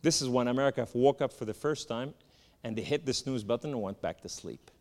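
A man from the Middle East giving a spoken testimony, telling his story with animated, emphatic lists. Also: mid-range voice, brisk. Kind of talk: testimony sermon. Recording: long hall reverb.

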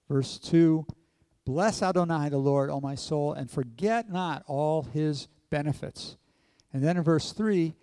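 A man preaching a sermon at a measured pace, putting questions to his congregation. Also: fairly high pitch, dark tone, no echo, long reverb tail. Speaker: pastor.

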